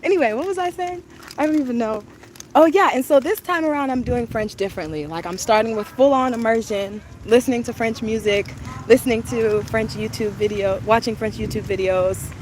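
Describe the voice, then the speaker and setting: Walking through an outdoor park, a young adult travel vlogger live-streams on her phone, gushing and chatting away. Her voice is fairly high with a darkish tone, and she speaks briskly. The recording picks up wind and outdoor noise.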